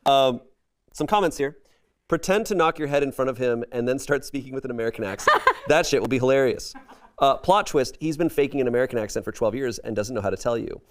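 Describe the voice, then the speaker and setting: A man's voice: mid-range voice, lively intonation, fast. A man reading a story and comments aloud as a comedy podcast host, breaking off into laughter now and then. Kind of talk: reading posts aloud, casual podcast chat.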